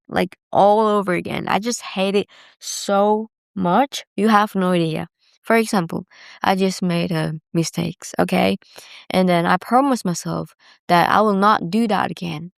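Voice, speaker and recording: Young woman rambling candidly on her own podcast, lots of "like", gravelly fry in her voice, dry close sound. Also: medium pitch, no room sound. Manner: candid, rambling, heavy use of "like". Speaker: podcast host. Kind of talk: casual solo confessional talk.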